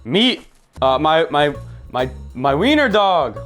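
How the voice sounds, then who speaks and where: Young male gaming host, lively pitch, jokey, faint music under. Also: normal speed. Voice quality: playful, jokey, animated. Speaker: gaming YouTuber. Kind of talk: comedic game tutorial. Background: faint background music.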